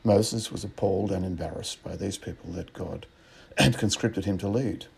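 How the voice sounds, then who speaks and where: A man with an Australian accent preaching a sermon in a measured, reflective way, asking rhetorical questions. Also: deep voice, gravelly, a little mellow, husky.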